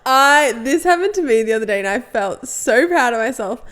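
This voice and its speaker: A woman's voice: on the high side, lively intonation, fairly quick, fairly bright tone. A woman co-hosting a podcast who works a shop till, chatting casually and acting out customer exchanges with self-deprecating laughter. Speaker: podcast co-host; cashier. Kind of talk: casual chat.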